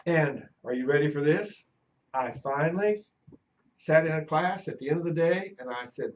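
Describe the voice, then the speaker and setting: A man's voice: a little high, expressive, moderate pace, dull audio. Middle-aged male teacher telling classroom stories. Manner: storytelling, acts out quoted voices. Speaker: teacher educator. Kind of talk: classroom lecture with anecdotes.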